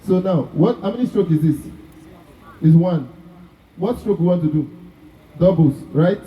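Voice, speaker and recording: Warm-toned and expressive, this drum teacher with a Nigerian accent talks a little slowly in a voice on the high side, constantly quizzing the class on whether they're following. The live festival workshop takes place in a large, echoey room, recorded from far away with slight background noise.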